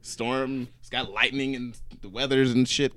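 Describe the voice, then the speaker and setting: A man's voice: medium pitch, unhurried. A man co-hosting a casual podcast, telling movie stories with swearing and laughter. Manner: animated storytelling, swearing, laughing. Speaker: podcast co-host. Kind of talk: casual chat.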